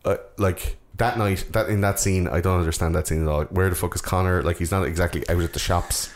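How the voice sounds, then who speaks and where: A man's voice: low-pitched, steady tone, a little fast, slight background noise. A man, chatting casually about a film, swearing often and rambling. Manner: sweary, rambling, acts out movie lines in silly voices. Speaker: podcast co-host.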